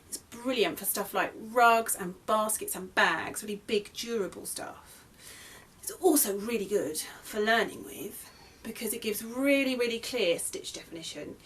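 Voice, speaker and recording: A woman's voice: fairly high pitch, a little slow, fairly bright tone, slight background noise. A young English woman, a crochet designer, teaching a beginner's tutorial in a chatty, friendly way that often corrects itself as she goes. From England. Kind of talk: casual tutorial.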